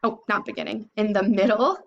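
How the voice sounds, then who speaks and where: A young woman teaching a phonics lesson to young children, sounding out word parts slowly and clearly. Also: mid-range voice, muffled recording. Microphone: computer microphone.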